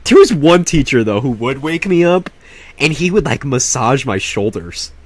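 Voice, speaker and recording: A man's voice: mid-range voice, moderate pace, no room sound. Rambling young man, dry close sound. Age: young adult. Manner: rambling, profane, animated, with laughs and restarts. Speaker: vlogger. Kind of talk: casual storytelling.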